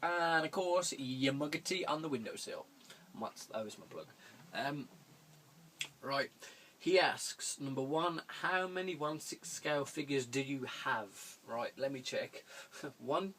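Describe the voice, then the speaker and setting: This young man talks slowly in a mid-range voice, drifting from one viewer question to the next while laughing and throwing in casual swears. It's a relaxed Q&A vlog filmed in a room at home, with a little hiss or hum audible.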